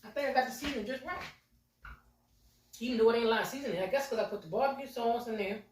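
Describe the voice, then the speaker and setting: A woman's voice: a little high, quick pace, a little hiss or hum. A middle-aged woman telling a story to her viewers in a casual, chatty way while she cooks at home. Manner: chatty, talks straight to viewers as y'all. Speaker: home cooking vlogger. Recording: roomy sound from a distance.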